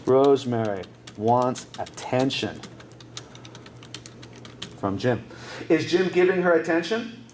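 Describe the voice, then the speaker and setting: A man's voice: medium pitch, animated, slow pace, long pauses, a little mellow, a little hiss or hum. A man teaching an English class, explaining song lyrics in a repetitive way and checking in with rhetorical questions. His voice is recorded in an echoey room from a distant mic.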